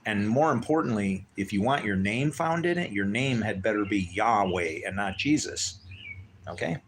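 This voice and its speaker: A man's voice: fairly low pitch, expressive, normal speed, slight background noise. A man livestreaming, ranting in a heated, preachy way with lots of profanity. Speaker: livestream host. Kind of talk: livestream rant.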